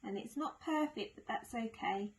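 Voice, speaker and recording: A woman teaching young children, drawing and retelling a story in a gentle sing-song way with many tag questions. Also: on the high side, normal speed, rough recording. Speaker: nursery teacher.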